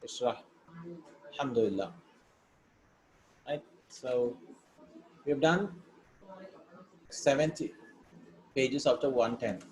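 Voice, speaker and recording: A man's voice: medium pitch, expressive, slow, pauses often, darkish tone. A man teaching an Arabic lesson, reading Arabic words and sentences, explaining them step by step in English and checking in with "right?". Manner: explains step by step, asks "right?" between points. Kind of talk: recorded language lesson. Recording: echoey room with faint background hiss.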